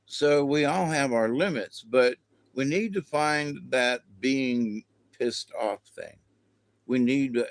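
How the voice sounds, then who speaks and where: A man's voice: mid-range voice, measured pace, gravelly, dry recording. A man hosting a casual spiritual livestream, rambling and chatting to viewers, often laughing. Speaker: livestream host.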